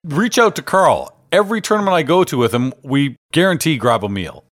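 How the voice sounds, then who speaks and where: A man's voice: on the high side, expressive, brisk. A man in his fifties hosting a podcast interview, bantering like a stand-up comedian and laughing easily. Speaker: podcast host.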